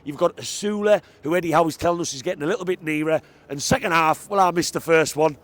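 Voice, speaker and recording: A man recording a post-match fan reaction vlog outdoors near a football stadium, talking into a handheld microphone in an excitable, chatty, emphatic way. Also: fairly high pitch, quick pace.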